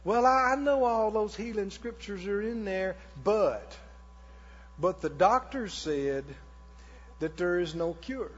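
A man's voice: lively intonation, faint music behind, full character voice. A man acting out a discouraged churchgoer who hesitantly makes excuses. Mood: resigned. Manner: hesitant, halting, low and subdued. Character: discouraged adult doubter in a congregation, making excuses. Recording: echoey hall, dull lo-fi sound.

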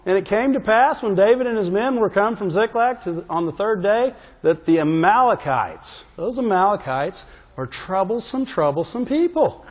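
High-voiced preacher in a reverberant church. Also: male voice, expressive, moderate pace. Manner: constantly asking the congregation "Amen?"; humorous, storytelling delivery. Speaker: pastor. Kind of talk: sermon. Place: church sanctuary. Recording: long hall reverb, dull sound.

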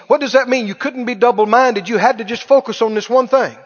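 A man preaching a sermon to a congregation in an auditorium, dramatic and questioning, slowly drawing out key words. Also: very high-pitched. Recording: dull lo-fi sound with long hall reverb.

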